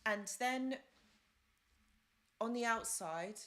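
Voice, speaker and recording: A woman's voice: fairly high pitch, extremely slow, fairly bright tone. A woman hosting a live-stream advice talk, chatty and rambling, with fillers and side stories. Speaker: host.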